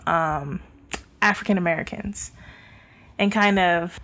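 A woman's voice: fairly low pitch, steady tone, takes it slowly, fairly bright tone. Opinionated young woman chatting casually. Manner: candid, opinionated, many fillers and restarts. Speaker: podcast co-host. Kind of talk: casual chat. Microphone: handheld mic.

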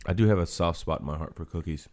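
A man's voice: sits low, quick pace, darkish tone. A man co-hosting a casual podcast, tossing out dry jokes and quips. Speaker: podcast co-host.

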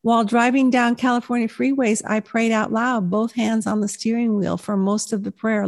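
Gravelly woman in her sixties telling her story. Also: on the high side, fairly even intonation, moderate pace, few pauses, a little mellow. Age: 60s. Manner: earnest, reflective storytelling. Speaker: speaker sharing her faith story. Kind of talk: personal testimony talk.

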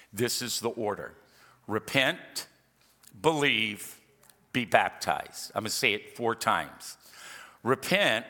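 A middle-aged pastor with a medium-pitched, bright, forceful voice preaches a sermon, emphatic and repetitive with humorous asides. A large hall's long reverb surrounds him.

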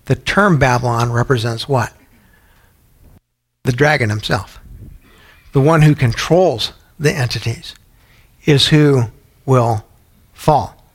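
A man's voice: mid-range voice, slow pace, long pauses. A man teaching a Bible study in a sermon style, often putting questions to his listeners. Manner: asks the audience questions often.

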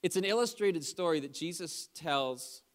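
A man preaching a sermon in a church service, energetic and chatty, calling out to the congregation between stories. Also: fairly high pitch, normal speed. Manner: chatty storytelling asides. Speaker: pastor.

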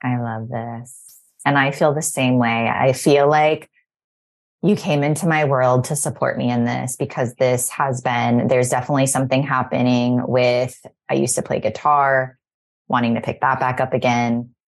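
A woman in her thirties with a low voice talks as a podcast host. Her chat is effusive and rambling and often emotional. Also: fairly even intonation, moderate pace. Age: 30s. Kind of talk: casual spiritual chat.

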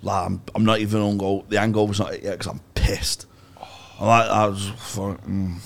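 A man's voice: on the low side, flat delivery, normal speed, vocal fry. A young man telling a sweary, self-mocking story as a podcast co-host, laughing often. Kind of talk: casual storytelling chat.

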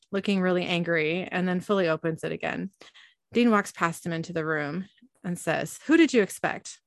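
A woman's voice: on the low side, fairly bright tone, dry recording. A woman co-hosting a podcast, giving a casual recap of a show's plot and laughing often. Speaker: podcast co-host.

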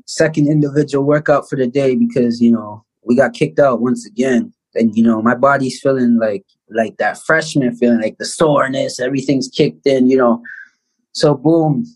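A man in his thirties from Canada, a guest telling a personal story in a casual interview with lively, animated delivery. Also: medium pitch, rough recording. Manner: animated storyteller, acts out quoted voices loudly. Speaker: guest, basketball player.

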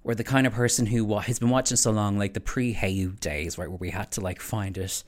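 Deep-voiced woman hosting a podcast. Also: steady tone, fairly quick. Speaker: podcast host. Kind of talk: casual chat.

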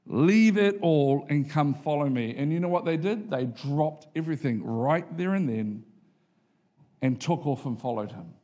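A man delivers a sermon in a relaxed, storytelling way, his voice sitting a little higher than most men's. He mixes plain teaching with self-deprecating anecdotes and rhetorical questions. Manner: conversational storytelling preaching, self-deprecating humour. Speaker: pastor.

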